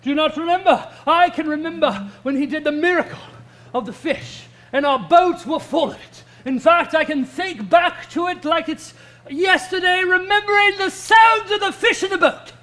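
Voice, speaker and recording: A man's voice: very high voice, normal speed, bright, forceful tone. A man playing the apostle Peter as a grandiose storyteller who rambles into silly asides in a kids' church skit. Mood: proclaiming.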